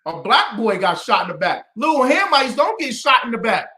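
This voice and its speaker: A man delivering fiery teaching commentary with a combative, preachy edge and loud emphatic bursts. His pitch swings widely and his tone is bright and forceful. The room around him rings with echo. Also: big pitch swings, brisk, few pauses. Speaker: religious teacher.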